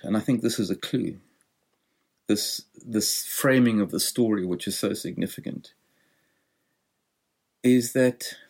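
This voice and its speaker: Male preacher, lower register, reflective expository sermon delivery. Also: darkish tone. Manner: thoughtful, explanatory preaching.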